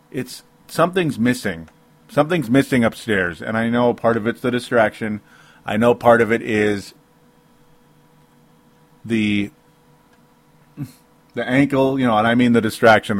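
A man's voice: fairly low pitch, no echo. A man giving a solo sports opinion podcast, rambling and interrupting himself with frequent rueful laughs. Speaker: sports commentator.

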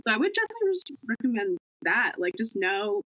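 A woman's voice: a little high, big pitch swings, quick pace, sharp tone, no echo, poor audio. A young woman vlogger chatting casually and gushing as a fan, full of "like"s. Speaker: vlogger guest. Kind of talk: casual chat.

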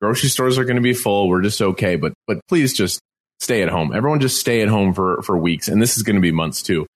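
A man's voice: on the low side, quick pace. A man co-hosting a podcast from home, talking in an earnest, reassuring way and repeating himself for emphasis. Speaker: podcast co-host. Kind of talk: casual podcast chat. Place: at home, self-isolating.

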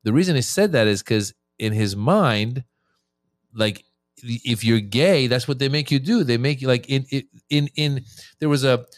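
A man, a comedian guest on a podcast, telling jokes in casual chat and acting out quotes in lively voices. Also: medium pitch, no echo. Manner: animated storytelling, acts out quotes.

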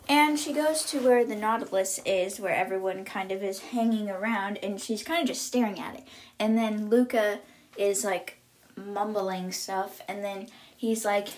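A woman's voice: medium pitch, a little slow, a little hiss or hum. A woman hosting a book podcast, recapping chapters in a casual, chatty way with lots of "like" and "kind of".

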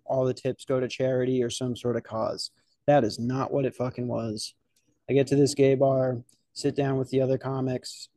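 A man's voice: mid-range voice, warm tone, no room sound, clean studio sound. A man hosting a podcast, telling a rambling story about open mic comedy in a casual, profane way with lots of restarts. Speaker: podcast host and novice stand-up comic.

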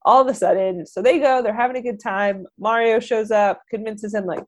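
A woman's voice: a little high, fairly quick. A woman retelling a film plot in casual chat, acting out the characters' lines as she goes. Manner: animated storytelling, acts out characters' lines. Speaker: podcast co-host. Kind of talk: casual movie recap chat.

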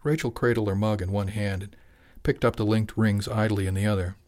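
Man, audiobook narrator, lowish voice, measured, even.

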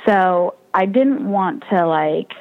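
A woman's voice: on the low side, animated, slow pace, phone-quality sound. A young woman, a triathlete guest in an interview, telling her story casually and with animation, laughing often and acting out the voices of people she quotes.

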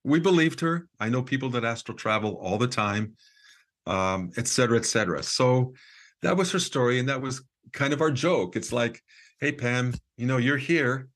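A man's voice: mid-range voice, moderate pace. A man who is a podcast guest, telling a story casually, with lots of fillers and acted-out quotes. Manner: lively storyteller with frequent fillers and quoted dialogue.

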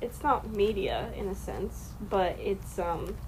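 A woman in her twenties co-hosting a podcast, talking softly and hesitantly with trailing fillers. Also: medium pitch, big pitch swings, slow, noisy background. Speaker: podcast co-host. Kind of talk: casual chat.

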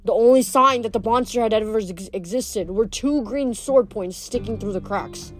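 A woman reading a novel aloud, steady but with small slips she corrects as she goes. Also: a little high, normal speed, faint music behind. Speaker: reader.

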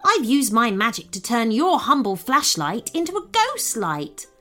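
A woman's voice: a little high, sing-song, fairly bright tone, voice pushed up. A woman voicing a bossy, smug male mouse with magic powers, snapping orders in a storybook reading, over faint background music. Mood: snappy. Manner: snappish, brisk, commanding.

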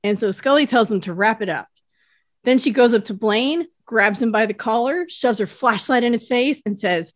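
Relaxed woman recapping a TV episode. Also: a little high, normal speed, no echo, clean studio sound. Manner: relaxed storytelling, retells scenes in plain narration. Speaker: podcast co-host. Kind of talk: casual recap chat.

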